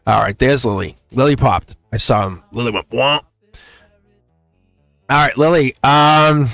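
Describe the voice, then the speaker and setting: A man hosting a live tarot reading, talking in a chatty, excited way, laughing often and acting out voices as he reads the cards. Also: mid-range voice, moderate pace, creaky, no room sound, faint music behind.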